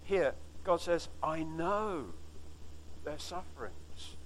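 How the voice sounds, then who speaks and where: Man, preacher, sermon, earnest emphatic repetition, slightly high pitch, faint background ambience. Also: lively intonation, slight background noise, low-quality recording. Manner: earnest, emphatic repetition with slowed stressed phrases.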